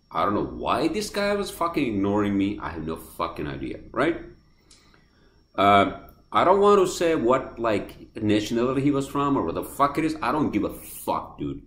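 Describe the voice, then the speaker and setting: A man with a non-native accent rants on his podcast, cursing constantly and circling back over the same points. His voice sits low but leaps around with lively swings, and the room adds a noticeable echo. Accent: non-native accent of English. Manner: heated, profane, swears constantly, repeats himself. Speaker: podcast host. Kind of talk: casual monologue rant. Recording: roomy echoey room.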